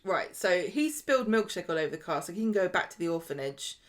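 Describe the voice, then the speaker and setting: A woman co-hosting a casual chat about a soap, chatty and quick to act out characters in brief impressions. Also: lowish voice, sing-song. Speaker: podcast co-host.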